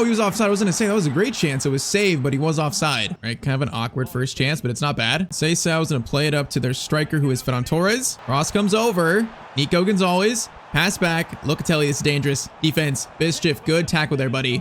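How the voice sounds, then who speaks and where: A young man giving casual, excitable live commentary on his own football video game match, with slang and outbursts at big plays. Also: a little high, slight background noise. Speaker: gaming YouTuber.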